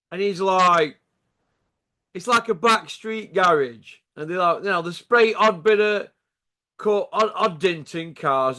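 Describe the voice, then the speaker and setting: A man's voice: high-pitched, pushed and bright. A man with a Yorkshire accent delivering a sarcastic, taunting rant to camera, full of rhetorical tag questions. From Yorkshire, England. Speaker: channel host.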